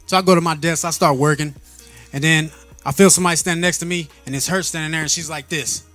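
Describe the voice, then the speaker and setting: A vlogger with a slightly higher voice shares his faith testimony in a fast, relaxed, earnest way, often repeating and restarting words and laughing between phrases. Soft music plays faintly behind his casual storytelling.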